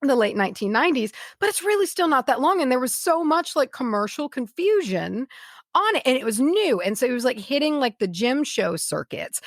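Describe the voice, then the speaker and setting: A woman's voice: a little high, dry recording, clean studio sound. A woman co-hosting a casual podcast, rambling through an explanation with many fillers and restarts. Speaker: podcast co-host. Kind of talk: casual chat.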